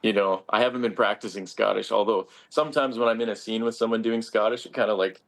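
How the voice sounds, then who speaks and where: Gravelly low-voiced man, earnest and halting. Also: fairly even intonation. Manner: earnest, halting, frequent restarts. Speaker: stage actor. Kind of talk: casual interview answers.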